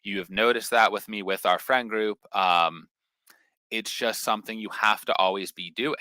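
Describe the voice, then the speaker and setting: A man's voice: on the low side, fairly even intonation, moderate pace, pushed and bright, smooth, no echo, low-quality recording. A young man talking bluntly and confidently in a casual podcast chat, swearing freely. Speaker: podcast guest.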